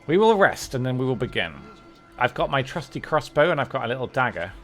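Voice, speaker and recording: A man's voice: mid-range voice, big pitch swings, a little fast, fairly bright tone. A man streaming a video game, giving casual commentary in a dry, offhand way, with some swearing. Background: game music.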